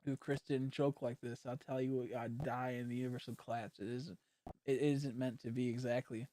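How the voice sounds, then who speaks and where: A man's voice: medium pitch, little pitch movement, a little fast, warm tone, dry recording. A young man chatting casually on a livestream, rambling and joking and laughing often as he talks. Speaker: streamer.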